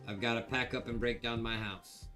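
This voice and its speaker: Hosting a livestream auction, a man with an ordinary-pitched voice chats loosely with viewers at normal speed. He wanders through stories in a relaxed, conversational manner while faint guitar music plays softly in the background.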